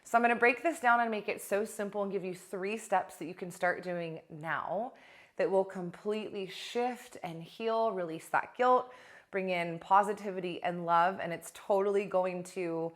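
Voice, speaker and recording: A young adult woman coach talking casually to camera in a blunt, animated way, swearing now and then. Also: mid-range voice, moderate pace. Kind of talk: casual direct-to-camera talk.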